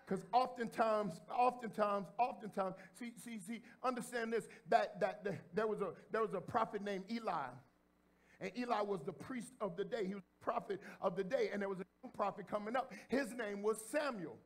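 A pastor preaching a sermon in a church. He talks straight to the congregation in a casual way and repeats phrases as he builds to shouts. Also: high-pitched, moderate pace. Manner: addresses the congregation directly and informally. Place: church sanctuary before a congregation.

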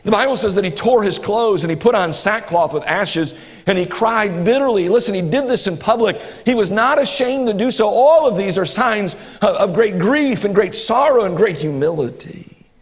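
Man in his 40s, high-pitched pastor preaching in a reverberant church hall, earnest and repetitive. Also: lively intonation, moderate pace. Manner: earnest, repeats phrases, rises to impassioned bursts. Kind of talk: sermon. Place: church sanctuary.

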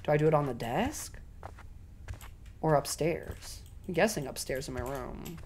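A young woman streaming a video game, swearing constantly and swinging between loud shrieks and quiet mumbling as she plays. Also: low voice, lively intonation, measured pace, a little hiss or hum. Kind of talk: casual game commentary.

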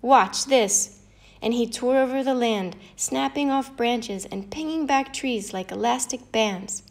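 A woman reads a children's fable aloud, slowly and expressively. Her voice sits a touch high and lilts with the story. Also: creaky. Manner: expressive, lilting read-aloud. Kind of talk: storybook narration.

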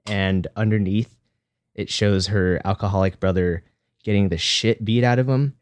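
Deep-voiced man, dry close sound. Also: fairly even intonation, no echo. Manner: thoughtful, halting, repeats words. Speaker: podcast co-host. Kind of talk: casual podcast chat.

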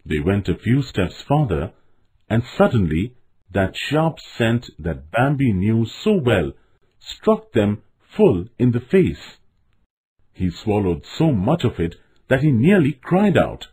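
A man narrating a children's storybook in an expressive, measured way. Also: on the low side, husky.

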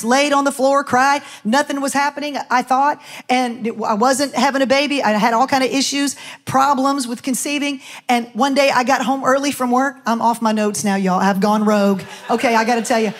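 A woman's voice: high-pitched, fairly even intonation, normal speed. A middle-aged woman pastor, preaching a sermon and telling a personal story with chatty asides to the congregation. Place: church sanctuary.

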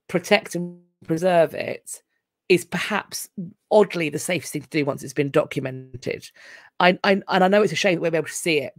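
A woman's voice: on the low side, no echo, clean studio sound. A woman with a London accent hosting a casual history live stream, chatty and wry, often breaking off and restarting her sentences. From England. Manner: chatty, wry and self-interrupting. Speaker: history channel host.

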